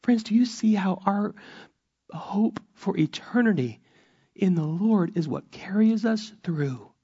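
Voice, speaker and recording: A man preaching a sermon, emotional, moving between fervent emphasis and hushed whispers. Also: high voice, lively intonation, slow, breathy edge. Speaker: pastor. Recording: muffled lo-fi sermon recording.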